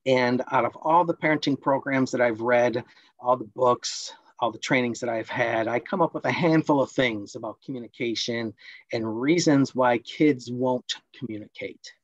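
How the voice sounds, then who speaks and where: This man runs a parenting workshop online, explaining ideas and briefly acting out parents who scold. He speaks at medium pitch, captured in a dry recording with dull-sounding audio.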